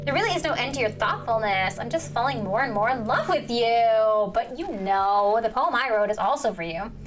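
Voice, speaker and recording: A woman reading aloud as a devoted teen girl club president, soft and confiding, over game music. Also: on the high side, expressive, normal speed, pitched below the performer's own voice, close to an everyday voice. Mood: tender.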